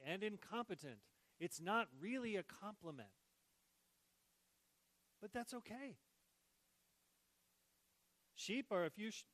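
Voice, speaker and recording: Animated man preaching a sermon. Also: high voice, dry recording, poor audio. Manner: animated, shifts between hushed and loud, jokes. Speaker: pastor.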